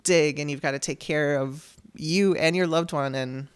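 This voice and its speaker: A woman's voice: low voice, normal speed, smooth, dry recording. A woman hosting her own podcast, telling a personal story in a candid, conversational way and acting out the dialogue she quotes. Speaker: podcast host.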